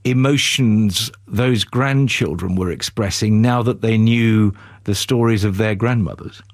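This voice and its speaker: A man hosting a broadcast interview, introducing the segment and asking questions conversationally, with some halting restarts. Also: on the low side, no room sound, clean studio sound. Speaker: radio interviewer.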